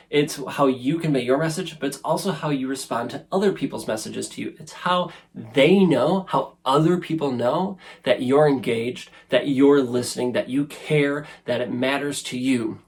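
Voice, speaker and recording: A man in his thirties hosting a casual self-help talk to camera, earnest and conversational, often tagging sentences with "right?". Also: mid-range voice. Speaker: show host. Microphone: camera facing speaker.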